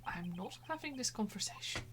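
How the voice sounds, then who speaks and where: A woman's voice: on the high side, animated, brisk, fairly bright tone, slight background noise. A woman voicing a flustered young male defense lawyer, reading game dialogue aloud and stammering. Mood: dry exasperated. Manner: exasperated, stammering.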